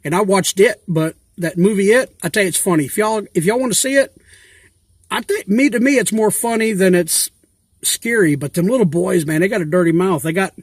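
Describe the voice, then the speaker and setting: High-voiced man rambling casually. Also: a little fast, slightly rough, dry recording. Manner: rambling, chatty, loose colloquial grammar. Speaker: YouTuber asking giveaway questions. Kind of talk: casual rambling vlog talk.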